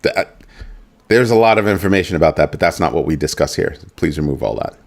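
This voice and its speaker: Deep-voiced man musing through rhetorical questions. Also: expressive, quick pace. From United States. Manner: musing, asks rhetorical questions, reads chat aloud. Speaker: livestream host. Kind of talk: casual livestream commentary.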